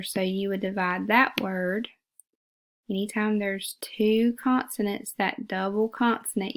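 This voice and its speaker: A woman teacher giving a phonics lesson, patiently repeating words and sounding them out syllable by syllable. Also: mid-range voice.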